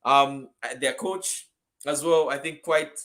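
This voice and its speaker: Man, fairly high voice, emphatic, energetic co-host, casual football chat over a video call. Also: slow pace. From Zambia. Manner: energetic, emphatic, jumps between loud and soft.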